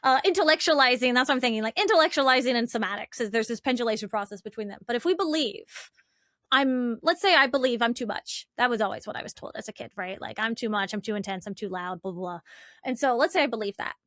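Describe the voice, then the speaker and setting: Chatty, animated woman coach. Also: on the high side, fast, no echo, clean studio sound. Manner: animated, chatty, frequent "like" and "right?". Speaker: relationship coach, podcast guest. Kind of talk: conversational interview.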